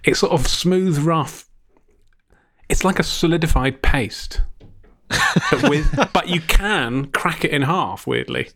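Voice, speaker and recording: A man's voice: fairly high pitch, slow pace, fairly bright tone, a little hiss or hum. A man co-hosting a casual comedy podcast, rambling and restarting his sentences, often laughing. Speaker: podcast co-host.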